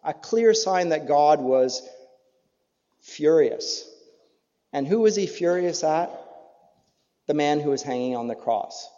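A man's voice: lively intonation, slow, pauses often, warm tone. Earnest male preacher in a reverberant hall. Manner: earnest, rising to emphatic peaks then dropping low. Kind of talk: sermon. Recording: dull lo-fi sound in a reverberant hall.

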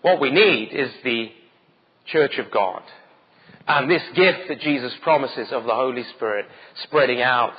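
A man's voice: medium pitch, a little slow, breathy edge, big-room sound, dull audio. A man preaching a sermon with urgency and emphatic rhetorical questions. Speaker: pastor.

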